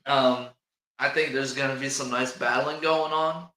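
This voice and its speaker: A man's voice: medium pitch, steady tone, unhurried, echoey room, noisy background. A man with an Indiana accent hosting a casual sports chat, rambling and jokey and laughing often. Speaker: podcast host.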